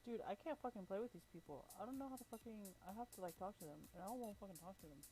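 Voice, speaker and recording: Young woman streamer, blunt and foul-mouthed, mid-height voice, quiet music underneath. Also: medium pitch, expressive, very fast, low-quality recording. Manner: blunt, heavily profane, complaining. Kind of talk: casual live-stream chat while gaming.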